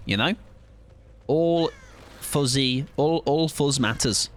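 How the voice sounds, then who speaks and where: A man's voice: medium pitch, very animated, unhurried. A man in his thirties chatting casually and joking with his audience while streaming a game. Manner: joking, self-mocking banter with chat. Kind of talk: casual chat while gaming.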